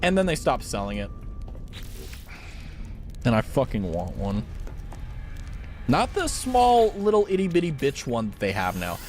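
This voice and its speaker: A man's voice: medium pitch, wildly swooping pitch, measured pace, pauses often, darkish tone, a little hiss or hum. A young man streaming as a VTuber, chatting casually with viewers and telling a rambling, profane story.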